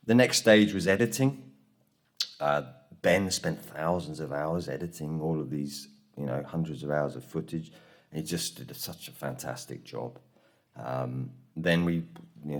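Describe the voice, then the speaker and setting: Male conference speaker, deep-pitched, lively storyteller who acts out quotes. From England. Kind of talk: conference talk. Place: conference room.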